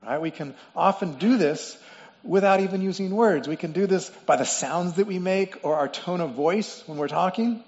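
Male preacher, high voice, emphatic repetition, dull lo-fi recording. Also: moderate pace, darkish tone. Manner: explains word meanings, repeats phrases for emphasis. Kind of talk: sermon. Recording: dull lo-fi sound with long reverb in a hall.

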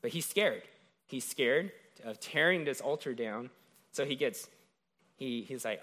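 A man's voice: medium pitch, animated, unhurried, a bit bright. A man preaching a sermon in a conversational way, retelling a scripture story and often checking in with "right?".

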